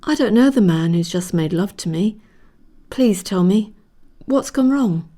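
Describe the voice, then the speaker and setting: A woman's voice: medium pitch, expressive, measured pace, dark tone. A woman reading the part of an anxious young wife, pressing with worried questions.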